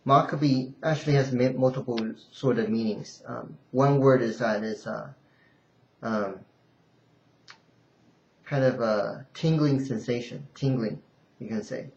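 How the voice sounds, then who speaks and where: A man gives an unscripted language lesson at an unhurried pace, pausing often and restarting his sentences. He draws out sample syllables in exaggerated sing-song tones. The recording is roomy and slightly muffled. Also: medium pitch, steady tone, gravelly. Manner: halting, with many fillers and restarts, sings out tone examples. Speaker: Mandarin teacher. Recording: roomy, dull lo-fi home recording.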